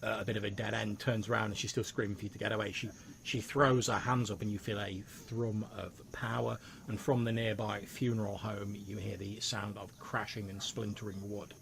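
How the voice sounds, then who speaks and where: A man acting as game master, narrating the scene in steady, descriptive detail. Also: on the low side, brisk, gravelly, a little hiss or hum.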